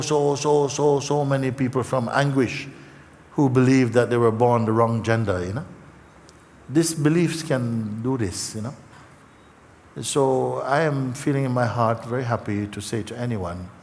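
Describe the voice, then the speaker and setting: A man giving a live spiritual talk to a gathering, speaking in an unhurried, halting way with many fillers and repeats, earnest and tender. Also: mid-range voice, a little mellow. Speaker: spiritual teacher. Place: large meeting hall. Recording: long hall reverb, faint background noise.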